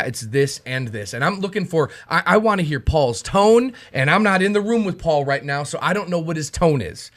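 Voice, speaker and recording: A man with a fairly high voice discussing scripture on a podcast. He talks in an animated, joking way and often restarts his sentences.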